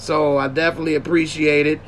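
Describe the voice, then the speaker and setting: A man's voice: fairly high pitch, flat delivery, fast, a little hiss or hum. A man hosting a casual livestream podcast, joking and slangy while thanking his viewers. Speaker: podcast host.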